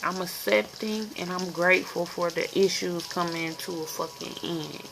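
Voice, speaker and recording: A woman's voice: on the low side, fairly even intonation, moderate pace, gravelly, noisy background. A woman in her forties giving a candid, profane spiritual reading vlog as an intuitive card reader, often asking "you feel me.". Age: 40s.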